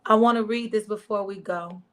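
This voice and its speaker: A woman's voice: medium pitch, steady tone, moderate pace, fairly bright tone. A woman pastor, preaching in a live-streamed sermon talk with call-and-response and repeated phrases. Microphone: wears hearing aids, speaking to camera.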